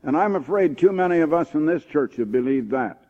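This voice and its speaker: A man preaching a sermon, reading scripture slowly and rising to stress his points. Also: a little high, lively intonation. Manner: emphatic, rising on key points, slows for scripture. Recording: tinny phone-like old recording.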